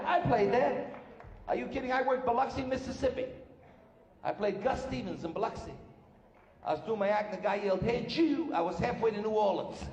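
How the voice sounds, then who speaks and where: A man's voice: high voice, a little mellow, dull audio. Male stand-up comedian with a punchy delivery; roomy live hall with faint noise. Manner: brash, rapid-fire joke telling. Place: live stage in a large hall.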